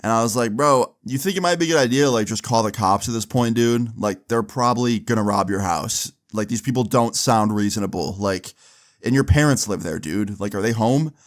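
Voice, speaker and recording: A young man casually telling a long personal story, slangy and animated, acting out quoted dialogue. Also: lowish voice, fairly quick. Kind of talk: casual storytime over gameplay.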